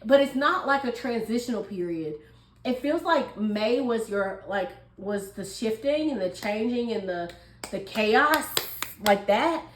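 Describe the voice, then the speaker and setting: A woman's voice: a little high, animated, unhurried, roomy sound, slight background noise, low-quality recording. A woman giving a casual tarot reading in a chatty way. She laughs often and acts out little dialogues. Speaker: tarot reader.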